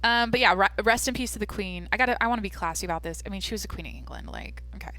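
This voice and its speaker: A young woman hosts her own podcast in a casual, rambling chat full of fillers and deadpan jokes. Her voice is bright and lively in tone. The recording is dry and close, with no room sound. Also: mid-range voice, rapid-fire, no echo. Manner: rambling, jokey, lots of "like" and "um"; self-described deadpan. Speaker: podcast host.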